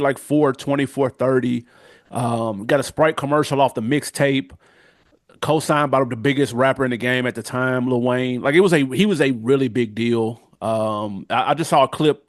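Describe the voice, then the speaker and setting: A man co-hosting a casual podcast, making his points in an animated, opinionated way. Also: medium pitch, dry recording, clean studio sound. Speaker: podcast co-host. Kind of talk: casual chat.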